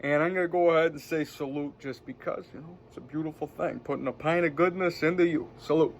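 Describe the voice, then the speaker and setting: A man's voice: a little high, quick pace, a little hiss or hum. A man giving an upbeat, rambling motivational vlog talk full of catchphrases. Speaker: vlogger and self-styled spiritual guide.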